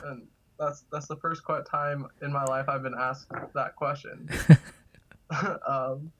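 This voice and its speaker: A man's voice: fairly high pitch, fairly even intonation, unhurried, bright, forceful tone, highs cut off. A man telling casual stories as a guest, chatty and laughing through his anecdotes. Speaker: guest, kidney donor. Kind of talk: casual storytelling.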